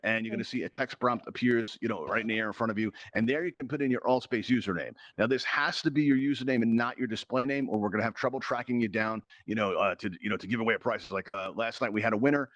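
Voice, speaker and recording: A man's voice: lowish voice, fast, hardly any pauses, a bit bright, no echo, lo-fi sound. A man hosting a playful virtual reality game show, chatty and jokey, rambling with asides and fillers.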